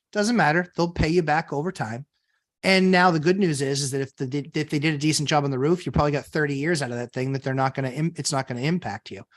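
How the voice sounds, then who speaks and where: Male co-host, slightly high voice, loose anecdotal talker. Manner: chatty anecdote-teller, many fillers and restarts. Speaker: podcast co-host. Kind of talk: casual storytelling chat.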